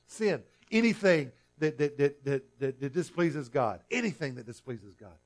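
A man's voice: mid-range voice, expressive, normal speed. A male pastor preaching a sermon earnestly, often restarting and repeating himself.

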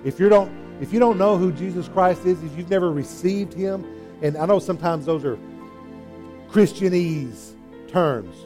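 A man's voice: high voice, normal speed, dark tone, faint music behind. A middle-aged male pastor preaching a sermon, earnest and emphatic, repeating his points.

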